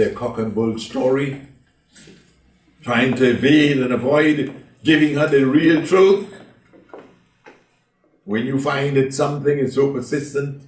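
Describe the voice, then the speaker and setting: A man with a mid-range, slightly mellow voice preaches a sermon to a congregation in a church hall. He tells the story dramatically and puts rhetorical questions to them. The recording is roomy and picked up from a distance.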